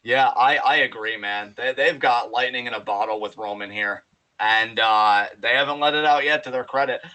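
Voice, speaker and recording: A man co-hosting a podcast in casual chat, excited and animated, swearing freely as he talks. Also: mid-range voice, normal speed, poor audio. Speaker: podcast co-host.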